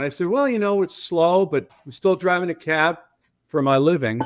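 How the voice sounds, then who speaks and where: Older man telling a lively story. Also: on the high side, normal speed. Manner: animated storyteller, acts out quoted voices. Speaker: guest, transportation company founder. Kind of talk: casual storytelling.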